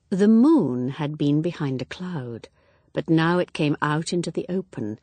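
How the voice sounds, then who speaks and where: Husky woman narrating a mystery. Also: low voice, animated, a little slow, darkish tone, no echo. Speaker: audiobook narrator. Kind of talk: scripted narration.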